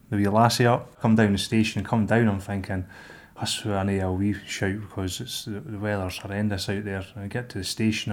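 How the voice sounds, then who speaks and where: A middle-aged Scottish man, a lifeboat volunteer, recounting a rescue in a plain-spoken, halting way. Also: lowish voice. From Scotland. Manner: plain-spoken, hesitant with fillers, animated when acting out scenes.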